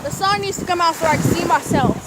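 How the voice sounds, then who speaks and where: Excitable teen girl on a windy beach. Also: very high voice, fast. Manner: excitable, shouts at others. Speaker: vlogger. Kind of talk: casual beach vlog. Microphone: handheld phone camera. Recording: loud wind noise on phone mic.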